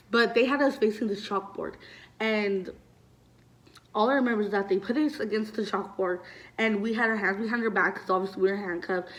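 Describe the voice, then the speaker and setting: A woman's voice: mid-range voice, moderate pace. Young woman vlogger, casual storytime delivery, chatty and loose, peppered with fillers and curses, mid-range voice. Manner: chatty, heavy use of "like" and swearing; animated retelling, voices loud when acting out scenes.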